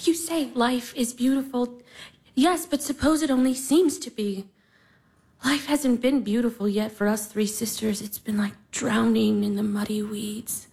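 A woman's voice: a little high, steady tone, a little slow, gravelly, a little mellow. An actress playing a wistful young woman of twenty in a stage drama. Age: 20s.

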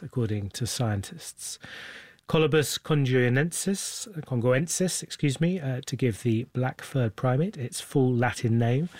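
A male radio news presenter moves briskly and smoothly through the story. His voice sits at an ordinary pitch and sounds dry and close, with no room echo.

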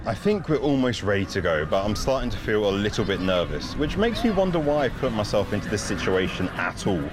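Man, presenter, outdoor amusement park, excitable, very lively pitch. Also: brisk. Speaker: presenter on location. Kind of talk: on-location presenting.

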